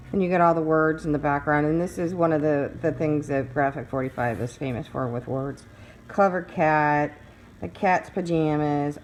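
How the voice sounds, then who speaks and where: A woman with a lowish voice chats her way through a show-and-tell of craft items. She rambles, restarts and coos over anything cute. A faint noise sits under the recording. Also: gravelly, low-quality recording. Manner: chatty, rambling, cooing over cute designs. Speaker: craft seller.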